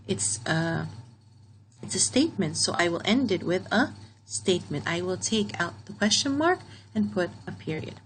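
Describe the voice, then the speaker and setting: A woman walks through a grammar lesson at an unhurried pace, reading example sentences aloud and repeating them for her students. Her voice sits at an ordinary pitch for a woman, and a faint hiss of background noise runs under the recording. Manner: patient, explains slowly, repeats example sentences. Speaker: teacher.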